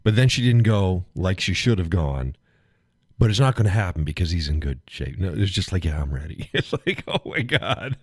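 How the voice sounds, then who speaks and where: A man with a low, husky voice chats casually on his live stream. He rambles in a folksy way and chuckles often, and his voice sounds close and dry with no room echo. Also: lively intonation, fairly quick, darkish tone. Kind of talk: casual chat with chat viewers.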